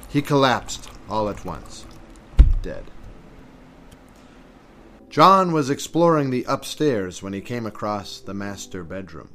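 A man narrating a scripted suspense story in a measured way, over faint music. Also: fairly low pitch.

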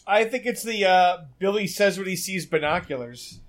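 A man's voice: high voice, lively intonation, normal speed. A man in a casual movie discussion, making wry jokes.

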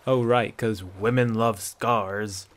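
A man's voice: medium pitch, expressive, moderate pace, gravelly. A man voicing a young male hunter with a dry, wry way of talking.

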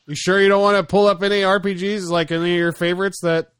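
A man hosts a casual podcast with friends, easygoing and quick to swear. His voice sits a little high. The sound is close and dry, with no room around it. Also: little pitch movement, fairly bright tone, clear, resonant tone, dry recording. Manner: laid-back, swears freely, reads lists aloud. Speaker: podcast host.

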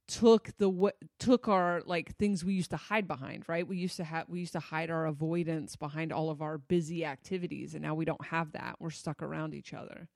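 Gravelly-voiced blunt relationship coach. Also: mid-range voice, no echo, studio quality. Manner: blunt, swears freely, loose and conversational. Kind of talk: casual monologue to an audience.

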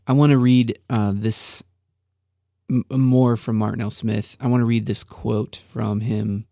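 Man, mid-pitch, gravelly, earnest faith-podcast co-host. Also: dark tone, no room sound, clean studio sound. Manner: earnest, preacher-like emphasis. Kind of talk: reflective faith podcast talk.

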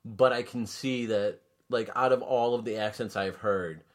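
A man's voice: fairly low pitch, moderate pace. A man chatting casually as a podcast guest, rambling and hesitant with lots of fillers.

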